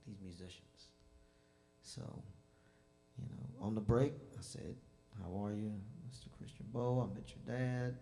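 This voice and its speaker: A man hosting a live jazz show, telling an animated story between songs and acting out the dialogue. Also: mid-range voice, vocal fry. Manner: animated, acts out dialogue with lively voices. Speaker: bandleader and host of a jazz concert. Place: music venue stage. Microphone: stage microphone.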